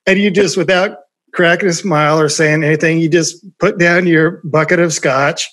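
A man's voice: on the high side, moderate pace. Man telling a workplace story, laughing. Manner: animated anecdote-telling, laughing often. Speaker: former record label promoter. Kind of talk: storytelling in casual conversation.

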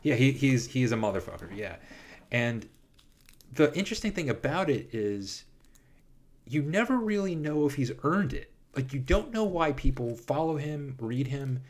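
A man in casual film discussion, animated and quick in bursts, often restarting his sentences. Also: mid-range voice.

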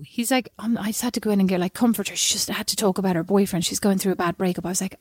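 An Irish woman telling a long, animated, self-mocking story in casual chat, often slipping into quoted voices. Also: mid-range voice, rapid-fire, hardly any pauses, breathy edge, no echo, studio quality. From Ireland.

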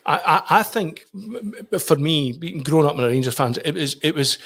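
A man's voice: on the high side, lively intonation, a little fast, vocal fry. A middle-aged man with a Scottish accent, a sports journalist telling rambling anecdotes full of restarts as a podcast guest. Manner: rambling storyteller, many restarts and "you know".

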